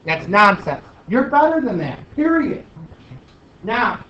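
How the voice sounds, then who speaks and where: A male math teacher giving his class an animated, teasing pep talk and review, recorded in a classroom. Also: sits high, takes it slowly, recorded from a distance, a crowd in the background. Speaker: high school math teacher. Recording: echoey dull classroom recording from afar.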